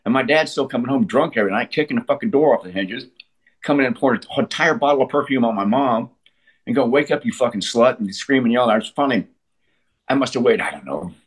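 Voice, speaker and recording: A man's voice: mid-range voice, animated, fast talker, husky. A man in his sixties telling his story as an interview guest, blunt and profane, often restarting his sentences. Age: 60s. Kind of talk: candid conversational storytelling.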